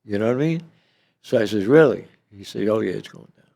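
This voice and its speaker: A man's voice: fairly low pitch, animated, quick pace, vocal fry, dark tone. An older man telling a long story as an interview guest, rambling and tagging his lines with "okay?" and "you know".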